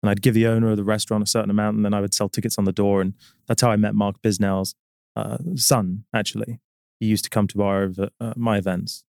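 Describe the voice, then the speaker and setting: A man with a British accent talks on a podcast, his voice sitting low and close to a dry microphone. He tells his stories in a measured, reflective way, pausing often and softening points with fillers. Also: flat delivery, vocal fry, no echo. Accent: British English. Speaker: guest, business executive. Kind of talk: casual interview chat.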